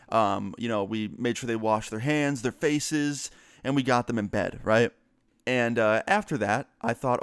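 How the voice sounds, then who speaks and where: A man with a mid-pitched, resonant voice tells a story in a relaxed, chatty way. He swears freely and leans on fillers. The sound is dry and close. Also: clean tone, no echo. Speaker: storyteller vlogger. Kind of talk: casual storytime narration.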